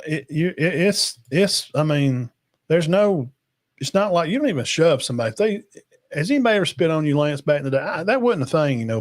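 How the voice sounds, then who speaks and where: A man's voice: medium pitch, darkish tone. A man hosting a casual sports livestream, rambling and emphatic as he talks to the chat and his guests. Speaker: podcast host.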